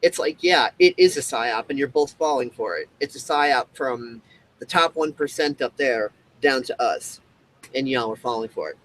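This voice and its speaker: A man's voice: mid-range voice, normal speed, fairly bright tone, a little hiss or hum, rough recording. A man hosting a show, ranting in a rambling monologue full of fillers and restarts. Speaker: show host.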